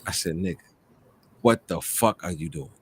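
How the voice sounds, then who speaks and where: Deep-voiced man telling a rowdy story. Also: moderate pace, a little hiss or hum. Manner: profane, animated storytelling. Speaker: host. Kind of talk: casual chat.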